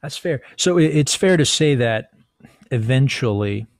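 Enthusiastic male host, gravelly voice, casual buddy-style questions. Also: mid-range voice, animated, unhurried, no echo, clean studio sound. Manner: enthusiastic, friendly, says "man" and "dude". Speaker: podcast host. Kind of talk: casual interview chat.

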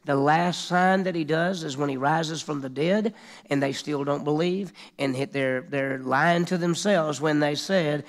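A man's voice: fairly high pitch, steady tone, moderate pace. A middle-aged male pastor preaching an expository sermon, raising his voice to act out the mocking crowd. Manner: expository preaching, acts out mockers with raised voice.

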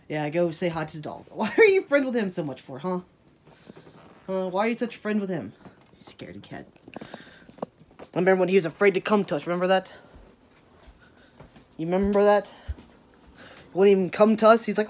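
A woman's voice: mid-range voice, lively intonation, brisk, pauses often, darkish tone. A woman, chatting in a casual, rambling vlog, full of laughing asides and "hashtag" quips. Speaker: daily vlogger.

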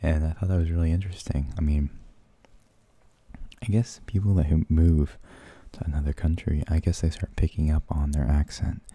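A man rambling in soft-spoken ASMR, half-whispering and hesitating as he searches for words. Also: very deep voice, steady tone, normal speed, slightly rough, no echo. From United States. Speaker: ASMR channel host.

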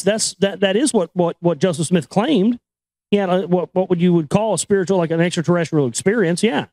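High-voiced man reading with stumbles. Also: a little mellow, no echo, low-quality recording. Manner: stumbles over names and words, self-corrects, irreverent asides. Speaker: reader and commentator. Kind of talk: book reading with casual commentary.

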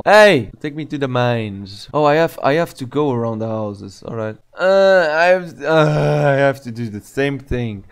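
Gamer, male, mid-pitched, swears freely and mocks the characters as he plays. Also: creaky. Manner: profane, excitable, mocking. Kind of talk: gameplay commentary.

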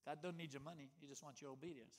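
A man preaching a sermon, swinging from loud emphasis to hushed near-whispers, with rhythmic catchphrases and repeated calls of "come on.". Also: a little high, steady tone, rapid-fire.

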